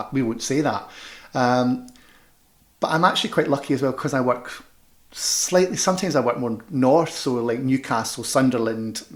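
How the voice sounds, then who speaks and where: A chatty man with a Scottish Glasgow accent talks about panto work in a loose, rambling way. He often restarts his sentences and fills the gaps with "um" and "you know". His voice sits at an ordinary, middle pitch. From Scotland. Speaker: panto performer and director. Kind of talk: casual interview chat.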